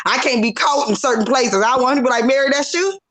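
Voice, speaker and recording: A woman hosting a casual faith chat, animated and affirming, breaking in with call-and-response cheers, speaking. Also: a little high, fast, over a noisy crowd. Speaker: podcast host.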